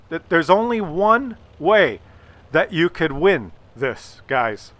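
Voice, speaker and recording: Sly stammering male vlogger, bright edge. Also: a little high, very animated, slow pace, dry recording. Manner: sly, stammering, swears freely. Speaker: channel host. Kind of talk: conspiratorial casual advice to viewers.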